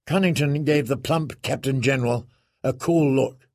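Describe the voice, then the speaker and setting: A man reads fantasy narration in a measured, unhurried way. His voice is husky and gravelly, pitched slightly above average. The recording is dry and close. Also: no room sound. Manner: measured, even storytelling. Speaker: audiobook narrator.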